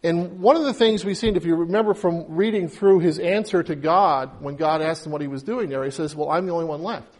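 A man with a high-pitched voice preaching a morning sermon. He tells the story in a relaxed, conversational way, dropping in asides and briefly acting out what each person says. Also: fairly quick, hardly any pauses. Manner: storytelling, acts out quoted lines. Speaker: pastor.

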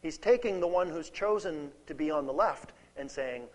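A man's voice: on the high side, expressive, normal speed, rough recording. A man giving an expository Bible teaching in a conversational way, repeating key words for emphasis and checking in with his listeners. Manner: conversational, checks in with "okay?" and "right?".

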